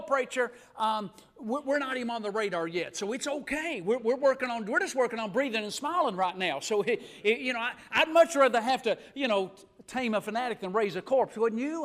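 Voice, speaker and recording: A middle-aged man preaching a live revival sermon in a church, his voice pitched very high for a man and bright. He swings from near-hushed asides to full shouting, with folksy humor along the way. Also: animated, a little fast, hardly any pauses. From Alabama. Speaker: guest pastor. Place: church sanctuary.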